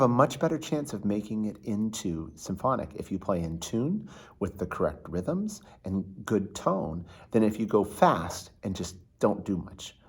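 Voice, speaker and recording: A man's voice: on the low side, husky. A man giving a casual violin lesson, chatty and full of fillers, counting beats aloud and singing rhythms. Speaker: violin teacher.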